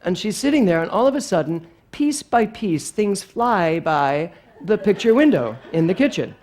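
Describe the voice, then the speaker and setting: A male pastor from Philadelphia giving a sermon, animated and playful, telling stories. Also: high-pitched, normal speed. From Philadelphia, USA.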